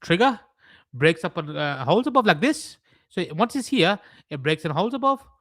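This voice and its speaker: A man's voice: high-pitched, big pitch swings, moderate pace, fairly bright tone, no room sound. A young man hosting a live trading stream, mixing chart analysis with rambling, mock-serious joking rants.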